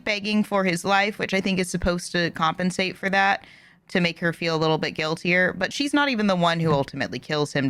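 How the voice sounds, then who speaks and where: A woman hosting a reaction video, giving animated, opinionated commentary that rises when she gets passionate. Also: on the low side, dry recording.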